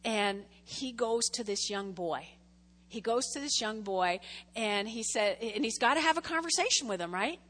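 High, bright woman preaching. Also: normal speed. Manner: chatty, animated, keeps checking in with the congregation. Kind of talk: casual conversational sermon. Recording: long echoing hall reverb.

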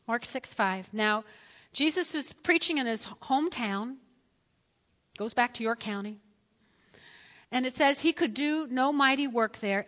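A woman preaching a lively sermon, telling Bible stories and acting out the quotes herself. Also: on the high side, big-room sound. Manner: animated storytelling, acting out quotes.

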